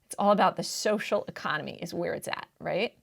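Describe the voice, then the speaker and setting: A woman's voice: on the low side, brisk, creaky. A woman tutoring test preparation, walking through reading answers in a casual, emphatic way and often checking in with the listener. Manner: emphatic, keeps checking in with "right?"; casual, slangy teaching talk.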